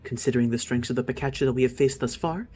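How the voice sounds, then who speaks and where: A man's voice: mid-range voice, quick pace, dark tone, close to an everyday voice. A man reading a game aloud and voicing a composed, formal woman who explains things matter-of-factly. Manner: stiff, formal, matter-of-fact. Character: calm formal know-it-all woman, composed. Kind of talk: game dialogue read aloud.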